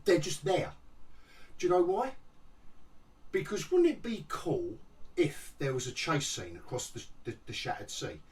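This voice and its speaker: A man's voice: fairly high pitch, wildly swooping pitch, unhurried, long pauses, a little mellow, recorded from a distance. A man ranting sarcastically in a casual TV review vlog, rambling and mocking the show. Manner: mocking, rambling, restarts often, laughs at the show. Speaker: TV review vlogger.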